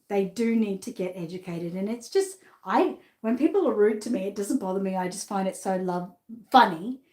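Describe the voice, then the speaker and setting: A middle-aged Australian doll seller with a medium-pitched, somewhat mellow voice chats her way through a live sales showcase. She's bubbly and frequently laughs at herself, and the sound is echoey.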